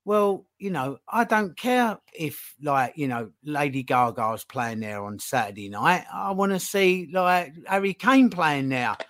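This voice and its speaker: A man talking casually as a podcast guest, animated, acting out little dialogues as he makes his point. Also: fairly high pitch, a little slow, hardly any pauses. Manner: animated, acts out phone calls in put-on voices.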